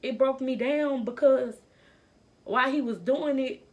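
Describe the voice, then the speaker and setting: A woman's voice: sits high, measured pace, darkish tone, dull audio. A young adult woman telling a personal story in a vlog, speaking in an earnest, emotional way.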